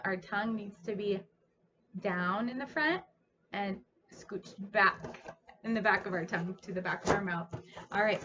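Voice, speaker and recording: Coaching a child with patience and encouragement, a female speech therapist models speech sounds for instruction. Her pitch is fairly high, and the audio has its highs cut off.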